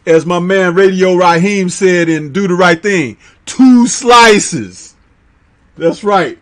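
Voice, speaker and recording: A Chicago man with a fairly high voice hosts a live stream chat. He talks loosely in slang and breaks into laughter often. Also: slow, fairly bright tone. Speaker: livestream host reading chat.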